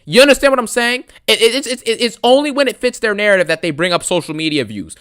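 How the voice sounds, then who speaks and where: A man in a sarcastic, fed-up wrestling rant with a bright, edgy tone. He talks a little above the usual male pitch, dismissive and quick to mock. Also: clear, resonant tone. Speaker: wrestling video ranter. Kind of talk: angry wrestling recap rant.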